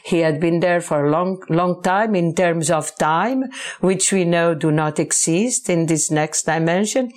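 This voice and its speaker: Slow, halting woman. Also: on the low side, a little mellow. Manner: halting, searching for words, many restarts. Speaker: interview guest, author. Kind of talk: interview.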